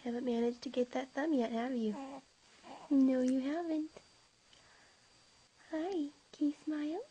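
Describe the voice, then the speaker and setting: A woman's voice: high-pitched, fairly even intonation, unhurried, noisy background. A young mother at home, cooing teasing sing-song baby talk to her infant while filming on a handheld camera. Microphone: handheld camera mic.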